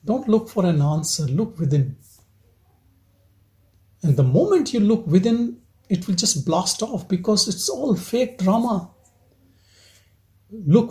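A spiritual teacher leading a satsang speaks in a voice that sits high for a man but stays soft and mellow. Gentle and probing, he poses repeated rhetorical questions, and the talk is reflective rather than forceful.

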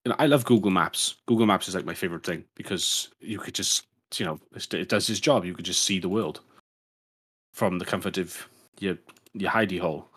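A man's voice: low voice, fairly quick, a bit bright, breathy edge. A man co-hosting a podcast in casual chat, rambling and swearing, with many restarts. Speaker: podcast co-host.

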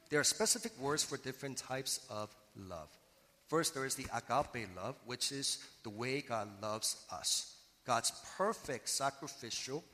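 A man preaching a sermon as pastor, earnest and emphatic, slowing and pausing for effect on key words. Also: medium pitch, fairly bright tone, in a large hall.

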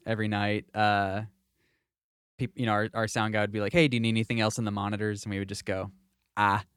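A man's voice: lowish voice, little pitch movement, fast, fairly bright tone, smooth, dry recording, clean studio sound. A man hosting a casual podcast chat, rambling with fillers and restarts. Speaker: podcast host.

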